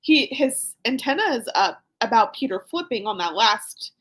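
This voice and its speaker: A high-voiced woman hosts a podcast in a loose, chatty way. She talks with lively energy and breaks into laughter often. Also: normal speed. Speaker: podcast host. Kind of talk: casual recap chat.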